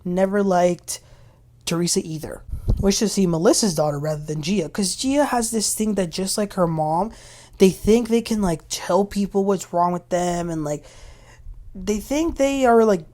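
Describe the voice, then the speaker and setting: A woman's voice: fairly low pitch, a little mellow. Chatty, opinionated woman recapping TV. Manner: chatty and opinionated, retelling scenes quickly. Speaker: reality TV recap host. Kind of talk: casual episode recap commentary.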